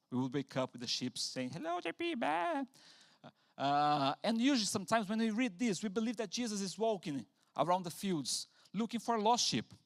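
A man preaching a sermon in a church, animated, acting out quotes with sudden loud bursts. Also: fairly high pitch. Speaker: pastor.

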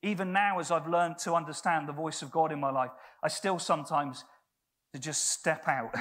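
A man's voice: a little high, steady tone, moderate pace, a bit bright. A man preaching a sermon in a church, telling stories in a conversational way with frequent restarts.

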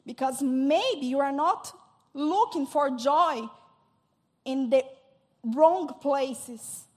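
A woman preaching a sermon in a halting, earnest way, often repeating and restarting her words. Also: sits high, a little mellow.

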